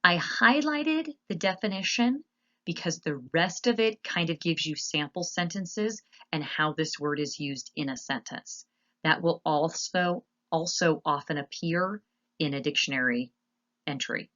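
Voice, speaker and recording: A woman teacher narrating a slide lesson, explaining patiently and spelling words out slowly. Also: sits low, fairly bright tone, highs cut off.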